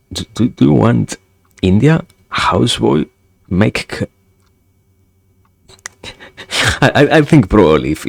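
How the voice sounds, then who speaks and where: A man streaming casual chat, halting and repeating his words, with dry jokes. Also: extremely low pitch, vocal fry, slightly rough, no echo. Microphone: streaming mic.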